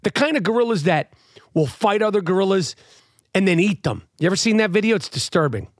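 A middle-aged man ranting loudly and profanely, switching between yelling and muttering, like a comedian talking straight to camera. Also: high-pitched, fairly quick, no echo, clean studio sound. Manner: animated, loud, profane, swings between shouting and muttering. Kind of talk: profane comic rant.

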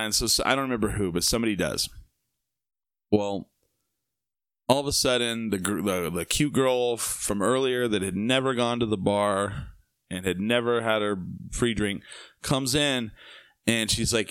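A man's voice: on the low side, a bit bright, smooth, no room sound. A young man telling a rambling party story casually, full of fillers, asides and swearing.

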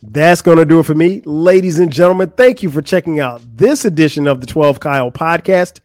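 A man hosting his own podcast, telling a story in a casual, animated, exasperated way with many restarts. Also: a little high, brisk, dry recording, clean studio sound, soft background music. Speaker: podcast host.

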